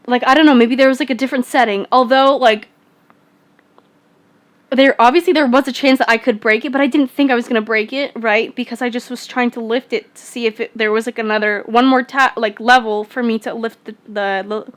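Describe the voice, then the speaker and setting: A young woman vlogger rambling casually through a personal story, full of fillers and restarts. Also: a little high.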